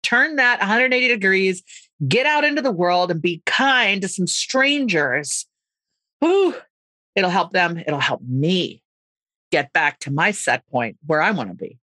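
A middle-aged woman from the United States talks with bright, ringing energy, full of quick asides. Her voice sits close and dry, with no room around it. She tells stories with warm enthusiasm in a relaxed interview. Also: lowish voice, dry recording. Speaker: author and podcast guest. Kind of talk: animated conversational interview.

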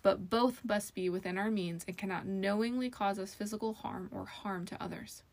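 A woman's voice: mid-range voice, steady tone, moderate pace, darkish tone, lightly acted. A woman voicing a guarded, impatient young pixie woman who speaks curtly, sometimes in a whisper. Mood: terse.

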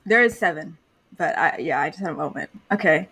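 A woman's voice: deep voice, animated, brisk, bright, forceful tone, slightly rough. A woman co-hosting a podcast in casual chat, giggly, easily flustered and self-deprecating. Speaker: podcast co-host.

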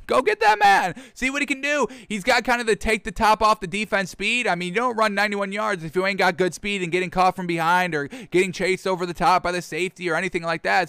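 A man with a very high, bright voice runs a solo football commentary, ranting and swinging into bursts of excitement. His tone is smooth and clear, and it is recorded close and dry with no room sound. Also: dry recording. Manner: excitable, ranting, addresses viewers as folks. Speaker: sports commentator.

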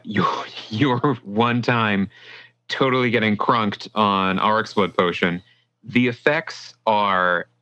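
A man with a bright, forward voice narrates a tabletop game as its game master. He describes the scene in a relaxed way, leaning on fillers. The sound is dry and a bit dull, as if recorded without much room. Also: lowish voice, clean tone, no room sound.

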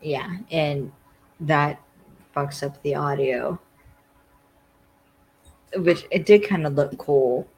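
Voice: mid-range voice, slow pace, long pauses, a little mellow, low-quality recording. Podcast host rambling thru an episode recap, says like a lot, faint hiss behind. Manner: rambling, lots of "like", acts out quotes.

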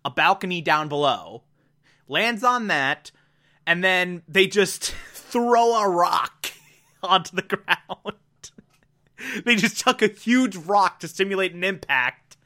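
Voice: medium pitch, expressive, takes it slowly, sharp tone. A podcast host giving a chatty, laughing episode recap full of filler words.

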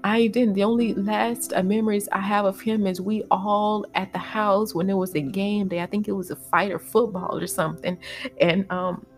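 A woman tells a personal story as a podcast host, her voice gravelly with fry. She speaks haltingly and with feeling, pausing on fillers and restarting her words, while soft guitar music plays behind her. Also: medium pitch, fairly even intonation.

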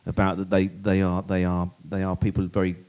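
A man's voice: sits low, monotone, fairly quick, a little mellow. A man co-hosting a show, playing clips from his archive, talking with eager, stumbling enthusiasm. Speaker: co-host with film archive. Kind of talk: casual chat.

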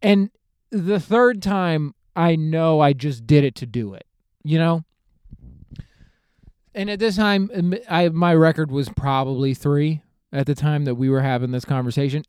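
A young man, telling a comedic story on his podcast in a rambling, profane, animated way. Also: a little high, moderate pace, clean tone, dry recording, clean studio sound. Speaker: podcast host.

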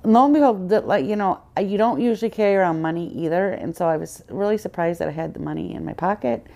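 A woman's voice: fairly low pitch, quick pace, creaky, dark tone. A woman guest on a podcast, earnestly telling her personal faith story in conversation and acting out the dialogue she quotes.

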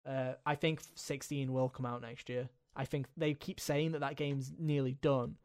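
A man hosting a casual gaming podcast, talking in an animated, jokey way and riffing with friends. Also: medium pitch, normal speed. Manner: animated, jokey, mimics silly voices. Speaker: podcast host. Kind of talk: casual chat.

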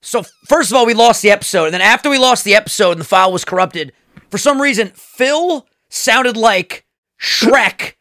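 A young man co-hosting a casual podcast, excitable and profane, with loud bursts when he gets worked up. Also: sits high, moderate pace. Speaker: podcast co-host. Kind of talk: casual chat.

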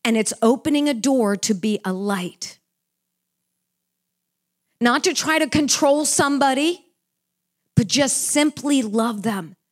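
An older woman preaching a heartfelt, earnest sermon about love and purpose. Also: fairly high pitch. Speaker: Christian speaker.

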